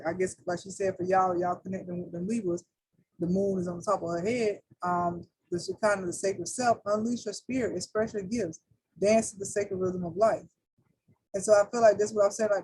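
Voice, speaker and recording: A woman's voice: medium pitch, a little fast, darkish tone, breathy edge, poor audio. A woman giving a casual spiritual reading, talking loosely to viewers in slang. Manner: loose, slangy, talks straight to viewers as y'all. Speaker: tarot reader.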